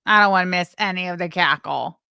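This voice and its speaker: A woman's voice: lowish voice, a little fast, vocal fry, sharp tone, smooth, no echo, studio quality. A woman co-hosting a live stream, talking casually in a blunt, profane and scornful way. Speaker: co-host of a live commentary stream.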